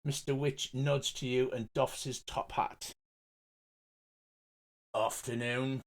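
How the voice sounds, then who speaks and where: A man's voice: mid-range voice, flat delivery, unhurried. Hesitant man narrating a game. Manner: hesitant, lots of ums. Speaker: game master.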